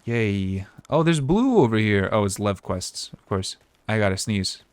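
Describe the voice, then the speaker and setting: A man giving casual, relaxed gameplay commentary as a streamer, chatting and thinking aloud. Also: on the low side, unhurried, no echo.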